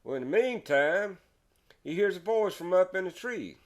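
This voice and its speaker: A folksy man with a Texas drawl rambles through a joke from his woodworking shop. He chuckles at his own punchlines, and his voice sits a little higher than most men's. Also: lively intonation, normal speed. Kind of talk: casual storytelling.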